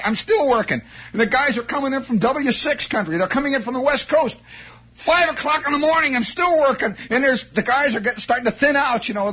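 An excitable man tells a comic anecdote in a high, husky voice, stammering and restarting as he builds momentum. The recording is muffled and lo-fi. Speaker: storyteller. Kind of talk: comic first-person anecdote.

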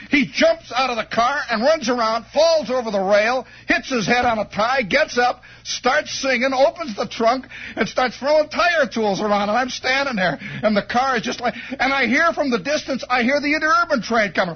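A man telling a comic first-person story on the radio, animated and full of sound effects and acted-out voices. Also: very high-pitched, husky. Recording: dull lo-fi old radio broadcast with faint music.

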